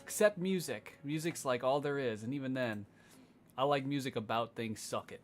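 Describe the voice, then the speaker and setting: A man's voice: medium pitch, moderate pace. Sardonic young man streaming over music. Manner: sardonic, rambling, swears freely. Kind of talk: casual livestream chat.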